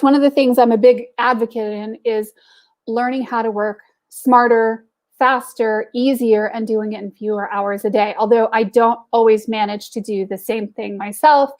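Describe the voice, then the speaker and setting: A woman's voice: a little high, a little mellow. Upbeat woman hosting a business live stream. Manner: upbeat, direct, speaks straight to viewers; tells jokes and anecdotes. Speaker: host of an online women's business group. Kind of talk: live-stream pep talk.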